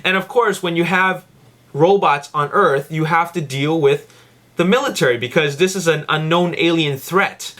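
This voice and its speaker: A man's voice: a little high, fairly bright tone. A man hosting his own review vlog, giving blunt, opinionated takes in a casual way. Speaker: video reviewer.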